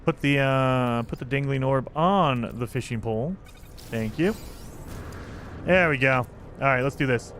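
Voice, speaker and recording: A man's voice: mid-range voice, unhurried, long pauses, a bit bright, slight background noise. A man streaming a game live, chatting with his viewers and laughing often as he plays. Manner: chatty, laughs often, talks to chat while playing. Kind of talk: casual live-stream chat.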